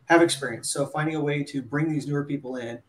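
A man's voice: fairly high pitch, steady tone, quick pace, roomy sound. A man co-hosting a casual live panel chat, talking in a rambling way and often restarting his sentences. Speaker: co-host, conference organizer.

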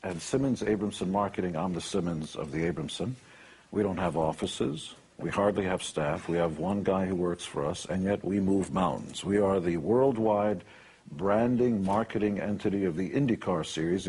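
A man's voice: deep voice, moderate pace, a little mellow, breathy edge. A man telling blunt, boastful and joking stories about his life and his work. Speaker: interviewee. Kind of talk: motivational anecdotes.

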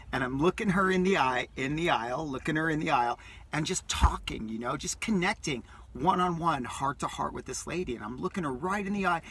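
Bright-voiced man telling a story. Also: on the high side, a little hiss or hum. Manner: enthusiastic, rambling, repeats phrases. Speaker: vlogger. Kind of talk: casual storytelling vlog. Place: parked vehicle.

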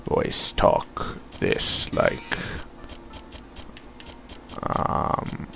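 A man mocking a halting broken-English scientist. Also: fairly bright tone.

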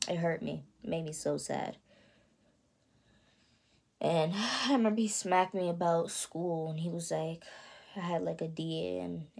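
An 18-year-old woman telling her own story in a vlog, soft and halting, often stopping to ask "you know what I mean". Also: on the low side, vocal fry. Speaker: vlogger. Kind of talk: confessional personal storytelling.

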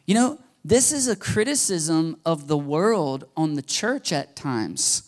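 A male pastor preaching a sermon to his church, animated and jokey, often acting out quoted voices. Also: a little high, a little slow, hardly any pauses. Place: church sanctuary.

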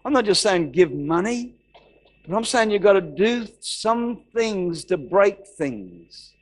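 A middle-aged pastor tells a story from the pulpit, slipping into the voices of the people he quotes. His voice sits a little higher than most men's, and he repeats phrases for emphasis. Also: animated, slow. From Australia. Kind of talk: sermon storytelling.

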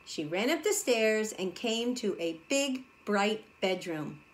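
A woman preschool teacher reading a storybook aloud to young children, animated and asking the children questions as she goes. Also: mid-range voice, slow pace, a little hiss or hum. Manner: animated, addresses the children directly.

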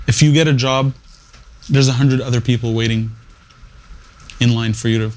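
In an interview, a man with a mid-pitched voice describes his path to becoming a radio morning show producer. He speaks in short, punchy phrases at a normal speed and steady tone, often restarting sentences and hitting key words hard as he offers blunt career advice.

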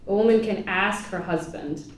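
A woman's voice: mid-range voice, normal speed. A woman on a panel talking with many restarts and indignation, then moderating questions. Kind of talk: panel discussion. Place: lecture hall. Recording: echoey hall, distant mic, faint noise.

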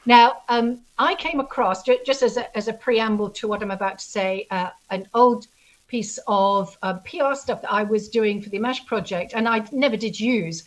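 Female author guest, higher pitch, lively anecdotal delivery with frequent restarts. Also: moderate pace, rough recording. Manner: animated storyteller, many restarts. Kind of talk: casual video interview chat.

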